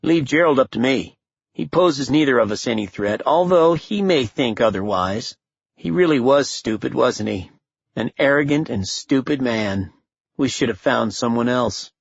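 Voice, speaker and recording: A man reading an audiobook, voicing a silky, controlled male schemer who talks smoothly and without hurry, from a slightly dull recording. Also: medium pitch, animated, no room sound. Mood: cool, menacing. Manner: smooth, controlled modulation, unhurried.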